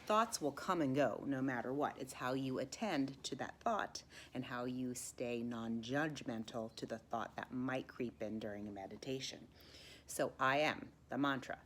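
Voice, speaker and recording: A woman teaching meditation, counting breaths and guiding a mantra, often dropping into soft whispers. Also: rumbling low, normal speed, slight background noise. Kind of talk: guided meditation lesson.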